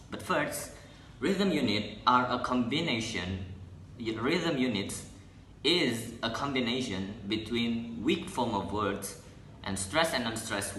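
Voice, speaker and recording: Slow young man explaining. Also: medium pitch, bright, forceful tone, a little hiss or hum. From Indonesia. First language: Indonesian. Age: young adult. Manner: halting, with restarts and self-corrections. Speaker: student presenting a lesson. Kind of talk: classroom explanation. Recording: echoey room.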